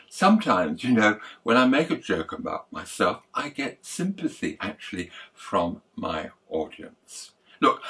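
Slow, measured older man. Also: mid-range voice, fairly bright tone. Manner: measured, unhurried, slightly stumbling. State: losing his voice. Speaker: photography YouTuber. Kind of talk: spoken advice to viewers.

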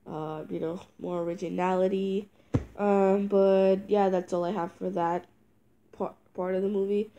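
A woman's voice: medium pitch, dark tone. A teenage girl vlogging with a stuffed-up voice from a cold, rambling indignantly with many ums and restarts. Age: teens. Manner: indignant ranting. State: congested from a cold. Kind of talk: casual talking-head review.

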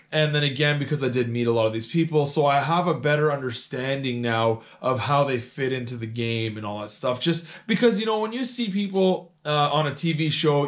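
A man from Canada in his thirties talks through a casual recap vlog in a raspy, hoarse voice that sits a little high. He rambles, repeats words and leans on fillers as he goes. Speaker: vlogger recapping a reality show.

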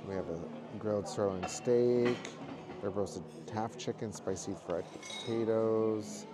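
A man in a casual travel vlog, chatting in a relaxed way while reviewing food and giving park tips. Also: on the low side. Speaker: travel vlogger. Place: theme park restaurant, then hotel.

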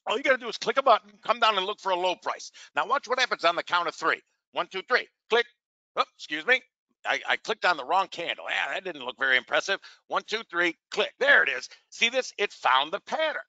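Bright, animated man pitching a trading webinar. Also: a little fast, dry recording, dull audio. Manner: energetic and salesy, keeps asking rhetorical questions and calls listeners "gang". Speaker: trading educator. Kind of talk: live webinar demo and sales pitch.

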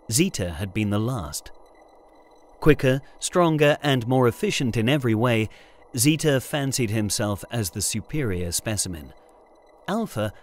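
A man's voice: on the low side, slight background noise. Man narrating a space adventure. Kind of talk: scripted audiobook narration.

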